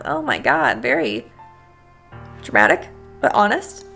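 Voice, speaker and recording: A young woman commentating a game for her audience in a blunt, reactive way that doesn't shy from swearing. Her voice sits high with a gravelly edge, and faint music plays underneath. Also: moderate pace, fairly bright tone. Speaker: gaming video host. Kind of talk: let's-play commentary.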